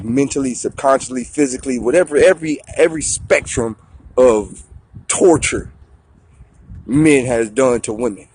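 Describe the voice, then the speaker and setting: A man telling a story in a profane, slangy, animated way on a talk show. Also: medium pitch, slight background noise.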